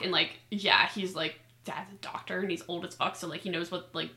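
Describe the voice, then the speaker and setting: A woman co-hosting a podcast, chatting casually about books. Her voice is bright and clear, and she talks in loose, rambling sentences full of "like" fillers and the odd swear word. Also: lowish voice, steady tone, brisk. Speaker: podcast co-host.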